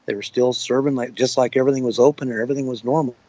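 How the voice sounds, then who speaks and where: A man's voice: mid-range voice, fairly even intonation, racing, dark tone, dull audio. A man recounting what he witnessed in an interview, plain-spoken and rambling. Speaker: eyewitness.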